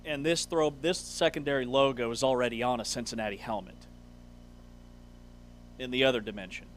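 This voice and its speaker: A man's voice: medium pitch, brisk, a bit bright, a little hiss or hum. Wisecracking male radio co-host. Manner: dry, wisecracking asides. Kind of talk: casual sports radio chat. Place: radio studio.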